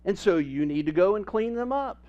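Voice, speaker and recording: A man preaching a sermon as pastor, telling family stories with humor and animated emphasis. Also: high-pitched, moderate pace, dull audio. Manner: storytelling with humor, animated and lively.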